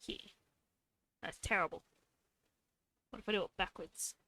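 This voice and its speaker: Bright-voiced woman chatting while drawing. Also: mid-range voice, a little slow, dry recording. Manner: talks to herself while drawing, adds playful sound effects. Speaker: streamer. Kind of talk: casual live-stream chatter while drawing.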